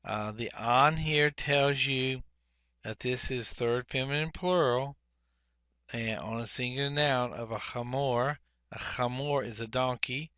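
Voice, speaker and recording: A man walks through a grammar lesson at an unhurried pace, saying each Hebrew word twice and working through it step by step. His voice is bright and a little tense. The sound is close and dry. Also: medium pitch, dry recording, dull audio. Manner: deliberate, repeats each Hebrew word twice, frequent "uh" fillers. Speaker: Biblical Hebrew teacher. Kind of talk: workbook lesson, explaining grammar.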